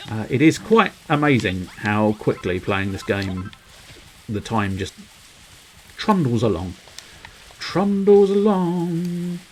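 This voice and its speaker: A man's voice: mid-range voice, a little hiss or hum, low-quality recording. A man streaming a game, rambling playfully to his viewers with cheeky innuendo. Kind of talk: casual livestream commentary.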